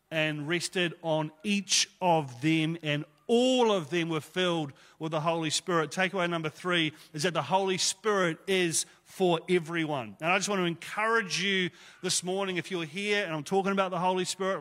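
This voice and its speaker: A man's voice: sits high, normal speed, fairly bright tone, in a large hall. A man preaching a sermon to his church, conversational and emphatic, with rhetorical questions. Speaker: pastor.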